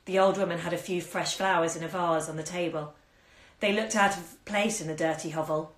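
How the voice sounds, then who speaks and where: A woman's voice: lowish voice, steady tone. Woman reading a story in an echoey room. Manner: measured storytelling with acted dialogue. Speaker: bookshop owner reading aloud. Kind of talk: reading a short story aloud. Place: indoors at home during lockdown. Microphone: phone on a live stream. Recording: echoey room on a phone stream.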